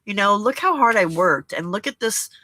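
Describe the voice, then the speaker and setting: A woman hosting a journaling and crafting challenge, talking to viewers in a gentle, encouraging, reflective way and often checking in with "okay?". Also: mid-range voice, expressive, moderate pace, dry recording. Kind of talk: reflective casual talk to viewers.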